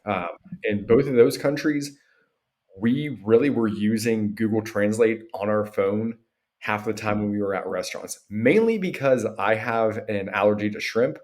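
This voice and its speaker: A man from Pennsylvania with an American accent, a podcast guest telling stories in a relaxed way and acting out quotes. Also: fairly low pitch, normal speed. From Pennsylvania, USA. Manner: relaxed storytelling with acted-out quotes. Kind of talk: casual conversational interview.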